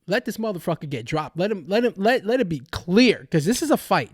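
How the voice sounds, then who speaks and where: A man's voice: high voice, big pitch swings, a little fast, husky, no echo, studio quality. A young man hosting a podcast, giving heated sports commentary as a profane, restless rant full of restarts. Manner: angry ranting, profane, many restarts. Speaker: podcast host.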